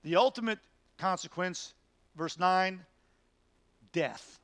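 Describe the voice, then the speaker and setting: A man's voice: high-pitched, slow, fairly bright tone, dry recording. A man, a pastor teaching a midweek Bible study in an earnest, emphatic way, asking rhetorical questions as he goes.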